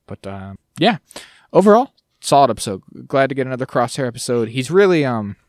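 Animated man casually chatting. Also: mid-range voice, brisk, no echo, clean studio sound. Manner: animated, laughs often, slips into silly voices. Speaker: podcast co-host. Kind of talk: casual chat.

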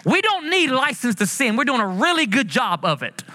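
A man preaching a sermon as pastor, swinging between quick asides and slow, passionate emphasis on quoted verses. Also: very high-pitched, sing-song, pushed and bright.

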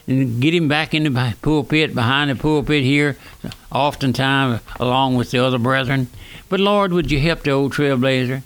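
A man, preaching a fervent radio sermon that swings between raised and hushed lines. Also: mid-range voice, moderate pace, clean tone. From South Louisiana. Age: 90s.

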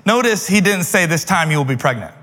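A man's voice: fairly high pitch, animated, fairly quick, pushed and bright. A man preaching as a youth pastor, casual and playful, with slang asides, in a church hall. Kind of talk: sermon.

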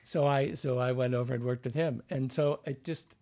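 A man's voice: medium pitch, fairly even intonation, normal speed, warm tone. A man working as a dialect coach, telling rambling anecdotes in an interview, full of fillers and restarts.

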